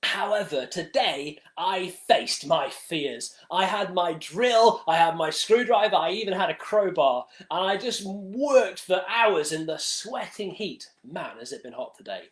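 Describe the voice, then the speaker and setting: A man's voice: high voice, measured pace, few pauses, a bit bright, roomy sound. A man hosting a live stream, telling a story in a dramatic, exaggerated way. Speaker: livestream host. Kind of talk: casual storytelling monologue.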